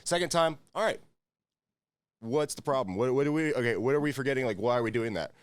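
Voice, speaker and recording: A man's voice: mid-range voice, fast, no echo. A man who works as a chef, chatting casually on a podcast, swearing freely and acting out his own kitchen rants. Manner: profane, laughing, acts out angry rants. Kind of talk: casual chat.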